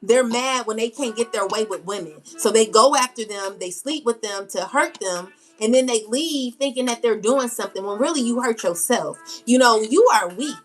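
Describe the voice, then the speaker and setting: A woman with a high, bright voice gives a blunt spiritual rant to camera. Her speech is slangy and full of fillers, and she repeats herself to drive each point home. Faint music plays under her voice. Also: moderate pace, hardly any pauses. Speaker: tarot reader.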